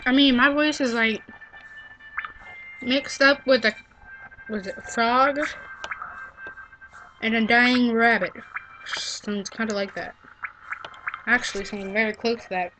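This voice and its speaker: A woman's voice: on the high side, fairly even intonation, unhurried, long pauses, background noise. A young girl rambling through casual, self-mocking gameplay commentary, easily sidetracked. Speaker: game vlogger. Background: loud game music.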